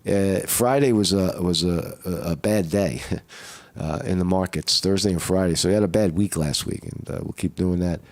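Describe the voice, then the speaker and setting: A hoarse man rambles casually through a live stream, full of fillers and restarts. His voice sits very low. The sound is dry and close, with no room around it. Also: moderate pace, darkish tone, dry recording. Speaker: vlogger doing a live at-home test.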